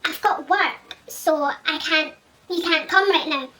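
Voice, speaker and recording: A woman's voice: sits high, slow, sharp tone, voice pushed up, heavily acted. A woman voicing an evasive young female friend who breezily lies and dodges with fillers.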